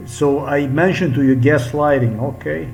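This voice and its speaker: A man's voice: on the high side, normal speed, vocal fry, a little mellow, poor audio. A man, an English speaker, talking upset and profane in a rambling vlog monologue. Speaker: vlogger. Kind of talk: agitated monologue.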